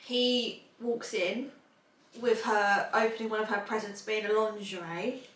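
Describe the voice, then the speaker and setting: A woman's voice: medium pitch, steady tone, a little slow, a bit bright. A woman, hosting a casual podcast and rambling in a chatty way. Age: 20s. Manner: chatty, rambling, laughs often. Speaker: podcast host. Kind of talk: casual chat. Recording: roomy room, mic at a distance.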